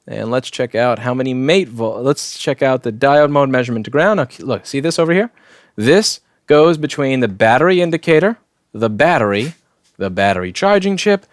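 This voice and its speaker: A man's voice: medium pitch, dry recording. Guy doing a live repair, cracks jokes while he works, throat a bit sore, dry close sound. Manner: wisecracking, offhand asides while working. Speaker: electronics repair technician and host. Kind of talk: live repair walkthrough with chat replies.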